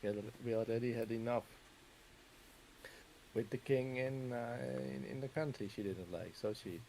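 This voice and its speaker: A man's voice: medium pitch, moderate pace, dark tone, slight background noise, rough recording. A Dutch man chatting casually while gaming, telling rambling anecdotes full of fillers and small laughs. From Netherlands. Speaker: Minecraft streamer's guest or co-player.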